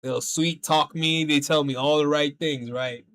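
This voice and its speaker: A man's voice: on the high side, fairly even intonation, unhurried, a bit bright. A man streaming a game, telling a rambling story in casual chat, swearing a lot and saying "bro" and "like" every few words.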